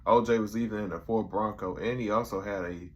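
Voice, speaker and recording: A man's voice: on the low side, fairly even intonation, a little fast, highs cut off, slight background noise. A young man casually reviewing a comedy episode in a loose, slangy way, acting out the quotes as he retells the scenes. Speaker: YouTube reviewer.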